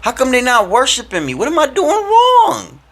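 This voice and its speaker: A man's voice: very high voice, wildly swooping pitch, moderate pace, creaky, a bit bright, soft background music, pitched above the performer's own voice, full character voice. A man voicing God as a casual, teasing father figure who talks slang and calls him bro. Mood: aggrieved.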